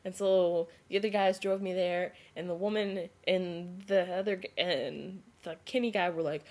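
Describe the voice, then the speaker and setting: A young woman vlogging to a self-filmed camera, retelling a story in a rambling, animated way with lots of "like" and restarts. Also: mid-range voice, moderate pace, hardly any pauses. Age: young adult. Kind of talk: casual storytelling vlog.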